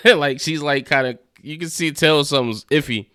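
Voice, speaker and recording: A man's voice: fairly high pitch, normal speed, a bit bright, clean tone, no room sound, studio quality. A man casually reviewing and recapping a TV episode, laid-back and slangy, chuckling as he retells scenes. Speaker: TV show reviewer.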